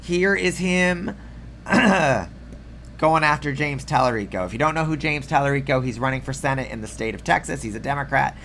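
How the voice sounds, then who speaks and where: A man ranting through a video commentary with biting sarcasm and plenty of swearing, his voice gravelly and fry-laden. The tone is bright and sharp, and his throat sounds a little rough. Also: mid-range voice, animated, moderate pace, a little hiss or hum. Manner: sarcastic, profane, exasperated ranting. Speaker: political commentary host.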